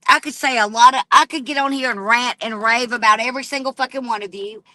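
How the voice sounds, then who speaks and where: Woman, livestream rant, confrontational, swearing, fairly high, sharp tense voice. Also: quick pace, no room sound. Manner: profane and confrontational, addressing a rival directly.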